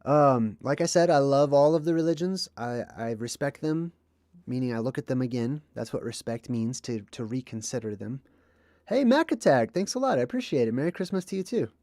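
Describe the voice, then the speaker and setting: A man's voice: mid-range voice, brisk, darkish tone. A man talks casually on a livestream in an ordinary mid-range voice, wandering from point to point with plenty of ums and asides. He is recorded close up with a dry, dead sound and no room echo. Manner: rambling and conversational, with frequent ums and asides. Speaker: livestream host.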